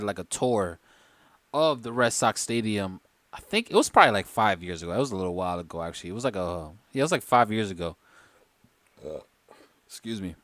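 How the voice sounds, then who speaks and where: A man's voice: medium pitch, fairly bright tone, dry recording. A man chatting loosely and joking with his viewers on a livestream, a little tipsy from wine. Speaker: livestream host. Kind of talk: casual live-stream chat.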